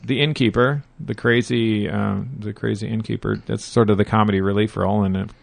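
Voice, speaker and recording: A middle-aged man chatting as a guest, a playful, lively storyteller. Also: fairly low pitch, brisk, gravelly, dry recording. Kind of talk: casual interview chat.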